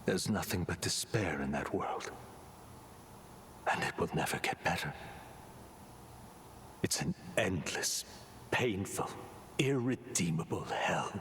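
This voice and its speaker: An actor playing a mysterious, condescending male author in a video game, speaking in a slow, hushed, breathy whisper. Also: deep voice, a little hiss or hum, full character voice. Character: mysterious grandiose male author, cold and lecturing.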